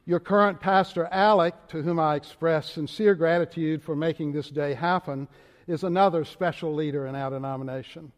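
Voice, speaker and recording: A man's voice: a little high, fairly even intonation, normal speed. Older Southern man preaching in a reverberant church. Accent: Southern US, Richmond Virginia. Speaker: moderator of denomination preaching. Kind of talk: sermon. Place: large church sanctuary.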